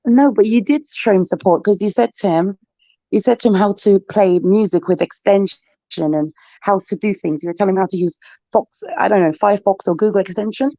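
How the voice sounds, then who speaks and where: A woman's voice: mid-range voice, brisk, dark tone, no room sound, highs cut off. A woman from the United Kingdom with a Jamaican patois accent, a guest on a stream who chats in a blunt, bawdy, teasing way. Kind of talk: casual chat.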